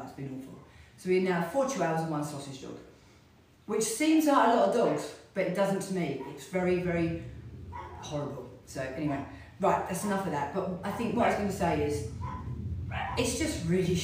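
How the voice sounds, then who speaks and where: Hula hooping as she talks, a middle-aged woman who teaches fitness rambles on in a loose, casual way. Her voice is slightly low and darkish, echoing heavily through the studio and recorded from afar, with slight background noise.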